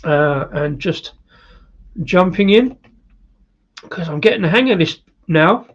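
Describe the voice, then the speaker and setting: Man, casual live-stream beer reviewer, rambling, slightly high voice, dull lo-fi sound. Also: expressive, takes it slowly. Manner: rambling, with many fillers and laughs.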